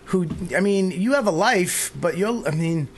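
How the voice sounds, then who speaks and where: A man from the Boston area hosts a podcast, bantering casually with friends, swearing freely, rambling, and laughing often. His high voice is animated and moves at a moderate pace.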